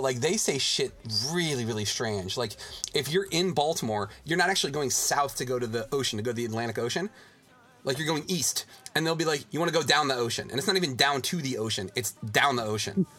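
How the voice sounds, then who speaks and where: A man co-hosting a casual chat show, animated and swearing freely, laughing often and mimicking regional accents. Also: medium pitch. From Virginia. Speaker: podcast co-host.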